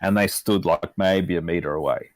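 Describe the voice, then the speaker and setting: A low-voiced Australian man spins a loose, rambling yarn in casual podcast chat. He laughs often and swears almost every line. The sound is dry and close, with no room echo. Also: normal speed. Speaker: podcast co-host.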